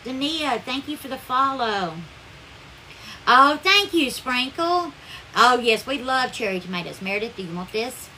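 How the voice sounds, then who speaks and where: A woman's voice: high voice, lively intonation, measured pace, sharp tone, slight background noise. A woman with a Southern accent hosting a live cooking stream, chatting effusively and calling viewers darling as she thanks them by name. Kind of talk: casual live-stream chat and cooking demo.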